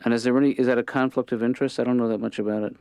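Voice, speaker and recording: An actor playing a calm father and office boss who talks in a measured, reasoning way. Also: mid-range voice, smooth, dry recording, lo-fi sound, lightly acted.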